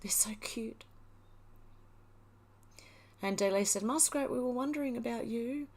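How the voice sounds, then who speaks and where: A woman's voice: fairly high pitch, unhurried, a little mellow. A middle-aged woman hosting a livestream, reading viewer comments aloud and chatting back casually. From Australia. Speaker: livestream host reading chat. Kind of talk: casual chat.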